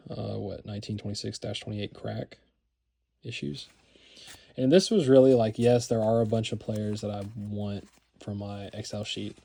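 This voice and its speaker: A man with a slightly low, mellow, relaxed voice chats casually about his collection. He rambles with frequent fillers and restarts, and repeats words when he gets excited. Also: creaky. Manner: rambling, filler-heavy, enthusiastic. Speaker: card collector vlogger. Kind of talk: casual show-and-tell narration.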